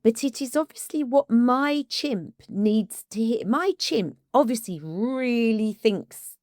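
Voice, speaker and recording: A woman, an ADHD coach co-hosting a podcast, talking casually and with emotion, often halting and restarting. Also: a little high, animated, a little mellow, no echo, studio quality.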